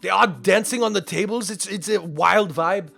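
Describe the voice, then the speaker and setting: A man doing an impression of a friend, a laid-back man who sounds excited and drawls his words. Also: high voice, moderate pace, vocal fry, soft background music, full character voice.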